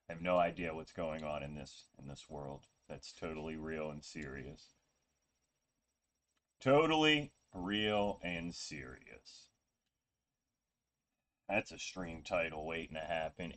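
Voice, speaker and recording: A man streaming a video game, chatting casually in a rambling, joking, low-key way. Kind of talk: casual gameplay stream chat.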